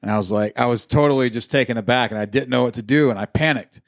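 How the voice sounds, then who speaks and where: A man's voice: medium pitch, fast, vocal fry, no room sound, clean studio sound. A man co-hosting a podcast, telling a long rambling anecdote with lots of fillers and casual swearing. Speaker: podcast co-host. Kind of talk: casual chat, storytelling.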